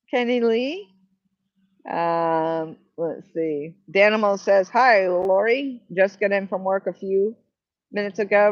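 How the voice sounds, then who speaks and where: A woman from New Hampshire in New England, with a fairly low voice, hosts a rambling, chatty live stream outdoors by the water and reads viewer comments aloud. She speaks through a Bluetooth headset, so the sound is dry and muffled with no room echo.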